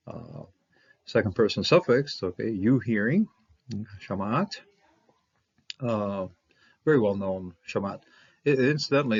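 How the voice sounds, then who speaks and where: A man's voice: lowish voice, vocal fry, husky, highs cut off. A man teaching a verse-by-verse Hebrew Bible lesson, rambling with many fillers and restarts.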